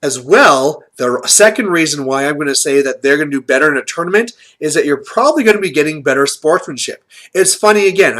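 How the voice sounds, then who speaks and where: A man's voice: on the high side, fairly bright tone. A man hosting his channel, giving casual strategy commentary in a chatty way, with lots of fillers. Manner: chatty, filler-heavy, explaining tactics. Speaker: channel host.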